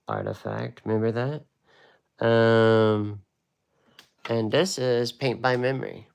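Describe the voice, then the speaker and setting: A man's voice: fairly low pitch, creaky, a little mellow. A man teaching a casual live watercolor lesson, chatty and rambling with laid-back slang. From United States.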